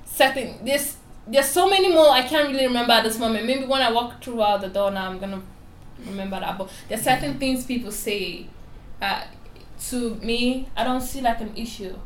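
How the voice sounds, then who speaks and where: Animated young woman with a strong accent. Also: fairly high pitch, moderate pace, a little hiss or hum. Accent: foreign. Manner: animated, emphatic storytelling. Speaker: interviewee. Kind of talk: candid conversational interview. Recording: roomy echo with faint ambience.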